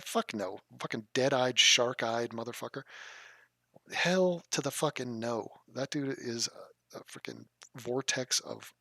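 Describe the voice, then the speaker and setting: Creaky-voiced dude on a live stream, bright edge, mocking the chat and swearing a lot, dry close mic. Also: male voice, medium pitch, no room sound. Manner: crude, mocking, swears freely. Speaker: livestreamer reading chat.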